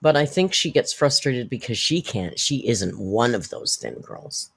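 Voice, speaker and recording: A woman hosts a reaction commentary, cutting in with blunt, sarcastic remarks and plenty of swearing. Her pitch swings widely as she mocks and reacts. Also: big pitch swings, a little slow, gravelly, breathy edge. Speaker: commentary channel host.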